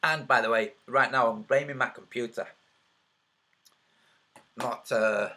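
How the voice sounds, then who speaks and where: A man making online videos, talking over his screen and counting out loud as he argues his point, his voice a little trembly. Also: mid-range voice, steady tone, a little slow, a little hiss or hum. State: slightly trembly voice. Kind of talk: screen-share commentary.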